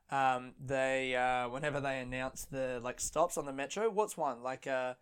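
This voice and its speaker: A man's voice: mid-range voice, normal speed, hardly any pauses, clear, resonant tone. A young man, a comedian, chatting casually on his podcast, rambling and laughing a lot and swearing freely. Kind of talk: casual chat.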